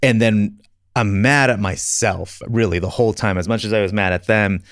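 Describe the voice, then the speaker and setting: A man with a low voice hosts a relaxed podcast chat. He tells stories and pokes fun at himself, laughing often. The sound is dry and close, with no room echo. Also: normal speed. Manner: storytelling, self-deprecating, laughs often. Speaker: podcast host. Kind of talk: casual conversation.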